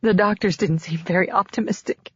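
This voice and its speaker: A distraught young woman, put on by a male narrator, her voice raised high and trembling as she pleads with a friend. The read is close and dry, with a slightly dull, lo-fi tone. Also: a little fast, a bit bright, breathy edge, no room sound.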